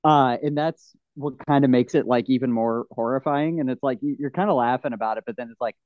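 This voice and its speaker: A man hosting a casual film chat, rambling and excitable, full of "like" and "you know.". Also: medium pitch, fairly quick, dry recording. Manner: excitable, often swears. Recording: slightly dull lo-fi sound.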